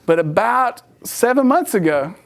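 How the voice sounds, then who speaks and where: A man's voice: high-pitched, very animated, unhurried, vocal fry. A man giving a sermon-style talk as a church speaker, acting out the people in his story and laughing often as he tells it.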